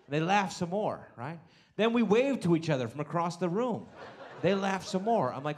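A man doing stand-up who acts out every reaction as he goes. His voice sits a little high and swoops up and down with lively energy. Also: normal speed. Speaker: stand-up comedian. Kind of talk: stand-up storytelling. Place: stage before a live audience.

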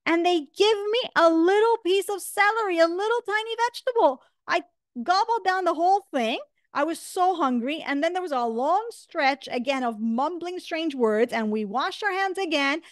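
A woman's voice: extremely high pitch, expressive, normal speed, no room sound, clean studio sound, voice pushed up. A woman voicing an angry, hungry male beggar who complains indignantly while telling a story in class. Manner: exasperated, complaining.

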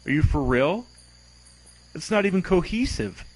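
A man's voice: high voice, very animated, normal speed, a little mellow, husky, rough recording. A young man giving casual, exasperated commentary on a game he is playing, swearing and mocking its glitches. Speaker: gameplay commentator.

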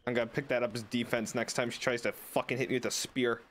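A young man streaming a game, chatting excitedly and joking with his chat. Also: mid-range voice, fast talker, faint music behind. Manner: excitable, jokey, talks to chat. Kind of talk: casual gameplay commentary.

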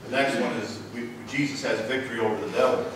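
A man's voice: medium pitch, steady tone, fast, noisy background. A man preaching an emphatic sermon as pastor in a church, often repeating his key phrases. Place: church sanctuary. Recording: echoey church heard from far off.

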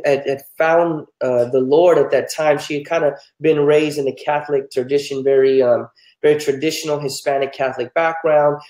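A man's voice: mid-range voice, mellow, roomy sound, poor audio. A man from New Mexico, a pastor telling his life story candidly and earnestly in an interview. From New Mexico, United States.

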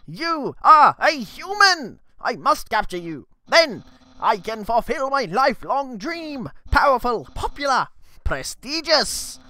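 Papyrus, a man doing a booming boastful skeleton. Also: very animated, slow, sharp tone, no echo, full character voice. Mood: grandiose. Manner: booming, self-important proclamations. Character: loud boastful young skeleton man, goofy. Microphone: headset.

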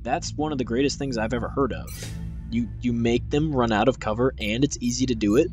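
A man's voice: mid-range voice, fairly quick, a little mellow, lo-fi sound, faint music behind. A man hosting a video game playthrough, talking casually in a goofy, rambling way with mock-grand announcements. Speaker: let's play host. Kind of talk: casual gameplay commentary.

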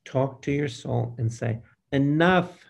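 An older male priest preaching a Bible study with a gravelly, creaky voice. He speaks slowly and with emphasis, putting questions straight to the room and calling for amens. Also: mid-range voice, steady tone, dark tone. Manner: slow, emphatic preaching that speaks to the listeners directly and asks them for amens. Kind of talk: preaching to a live group.

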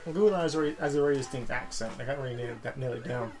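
A man's voice: medium pitch, racing, a little mellow, faint music behind. A man chatting casually about games, rambling with restarts. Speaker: let's play co-host. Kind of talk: casual gaming chat.

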